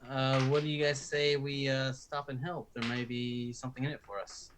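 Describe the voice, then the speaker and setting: A man at a tabletop game with a mid-range voice, chatting casually. He keeps asking questions to pin down the details. His tone stays relaxed and conversational. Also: mid-range voice, normal speed, noisy background. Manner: inquisitive, asks many questions. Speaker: player. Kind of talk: casual chat.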